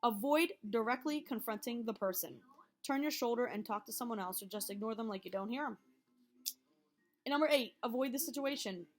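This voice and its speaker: A woman's voice: fairly high pitch, a bit bright. A woman teacher reading over a health lesson and explaining it to her students in a chatty way, checking in often with "okay?". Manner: chatty, checks in with frequent okays.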